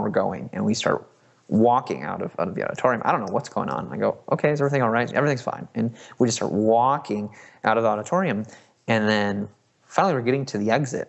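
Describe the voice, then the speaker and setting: A man's voice: lowish voice, creaky. A man in his thirties, a podcast host, telling a personal story in a conversational way with many fillers and restarts.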